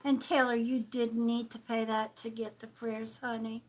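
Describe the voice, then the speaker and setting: A woman hosting a live-stream psychic reading, speaking softly and affectionately, calling viewers sweetheart and sometimes dropping to a whisper. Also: fairly high pitch, little pitch movement, moderate pace, low-quality recording. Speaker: psychic medium and livestream host.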